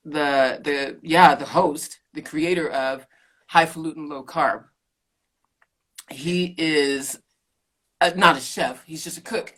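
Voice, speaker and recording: A middle-aged woman, a keto coach and podcast guest, telling her story in an animated way, laughing often and acting out quotes. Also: deep voice. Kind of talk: casual interview chat.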